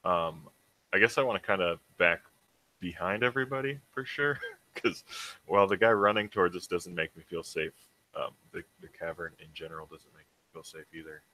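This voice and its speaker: A man playing a tabletop game who thinks aloud hesitantly, with many pauses and ums. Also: low-pitched, pushed and bright, rough recording. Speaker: player.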